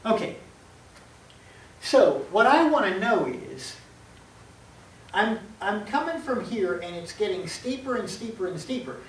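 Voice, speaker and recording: A man teaching calculus in a lively, playful way, acting out little scenes and correcting himself as he works. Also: sits high, measured pace, pauses often. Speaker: math teacher. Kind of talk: calculus lecture at a board. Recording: roomy, distant mic, faint hum.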